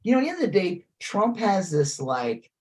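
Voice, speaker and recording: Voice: mid-range voice, very animated, moderate pace, a little mellow. A podcast co-host in a casual political chat, ranting animatedly with lots of swearing and filler words.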